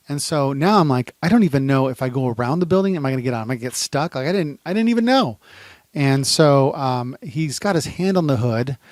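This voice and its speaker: A man, a private investigator, telling a story in a lively, dramatic way and acting out the shouted lines in a high voice. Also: no room sound. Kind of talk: animated storytelling, reenacting events. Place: indoors, standing.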